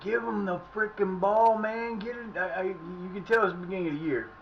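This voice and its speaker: Middle-aged guy streaming his game, cussing and yelling at plays, kinda high voice, dull lo-fi mic with some hiss. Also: a little fast, vocal fry. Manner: excitable, profane, shouts at the play. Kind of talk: casual live commentary while playing.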